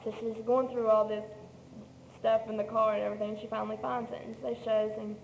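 A woman tells her own story to a meeting, voice pitched a little high. She rambles and restarts often. The sound carries through a large hall with a long echo and a faint hum of noise. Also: level tone, fast talker, gravelly, phone-quality sound. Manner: rambling storytelling, many restarts and self-corrections. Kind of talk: personal testimony.

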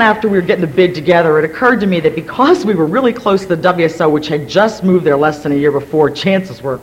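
A woman from Virginia telling her recovery story to a gathering, energetic and hyper, rambling with many restarts and self-deprecating asides. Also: on the low side, a little hiss or hum, rough recording. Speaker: speaker sharing at a recovery gathering. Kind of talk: personal story told to a gathering.

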